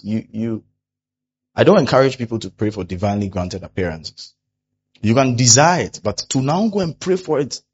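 A man preaches a sermon as a pastor, animated, and he keeps slipping into the voices of the people he describes. The recording is somewhat dull and lo-fi. A faint hum sits underneath his voice. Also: medium pitch. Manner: animated preaching, acting out quoted complainers.

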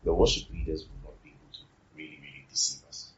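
Man, preacher, sermon, deep low voice, repeats himself, rhetorical questions, muffled recording. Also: fairly even intonation, fast.

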